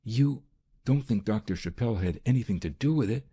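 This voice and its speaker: A man with a gravelly voice voicing an anxious, distraught young woman who pleads in a hoarse whisper. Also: on the low side, lively intonation, a little fast, warm tone. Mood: anxious pleading.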